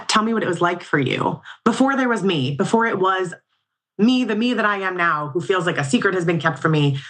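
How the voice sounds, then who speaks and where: A woman's voice: low voice, fairly bright tone. A woman in her forties, a guest in a casual interview, talking in an earnest, reflective and slightly emotional way. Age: 40s.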